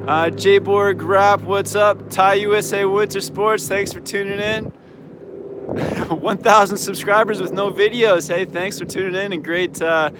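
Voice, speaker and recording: A slightly hoarse man hosting a casual live-stream Q&A outdoors, laid-back and upbeat, with lots of "um" and "yeah". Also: high voice, a bit bright. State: slightly hoarse, losing his voice. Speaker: snowboard coach and channel host. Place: outdoors in a mountain town. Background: faint traffic and plane noise.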